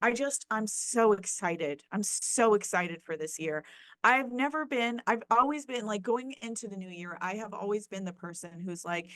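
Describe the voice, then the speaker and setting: A woman co-hosting a podcast in casual chat, excited and emphatic, swearing freely. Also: mid-range voice, normal speed, no echo. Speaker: podcast co-host.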